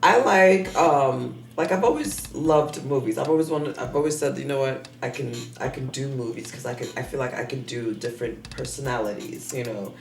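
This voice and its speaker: Woman, low voice, animated profane storyteller, casual interview, echoey room. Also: normal speed, creaky, few pauses, far from the mic. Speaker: comedian and mother. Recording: roomy room with faint music.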